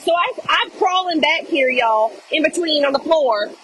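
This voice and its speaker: A middle-aged woman telling a dramatic story to her viewers in a casual, animated way, often saying "y'all". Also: high voice, normal speed, slight background noise, poor audio. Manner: animated, addresses viewers as "y'all", acts out shouting.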